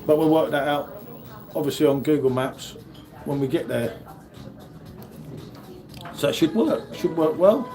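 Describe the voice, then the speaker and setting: A man's voice: fairly high pitch, measured pace, pauses often, music in the background. A British man live-streaming from an airport café, chatting casually and joking as he reads out viewer comments into his phone. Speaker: beer vlogger on a live stream. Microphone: phone held by the speaker. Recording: loud crowd noise around.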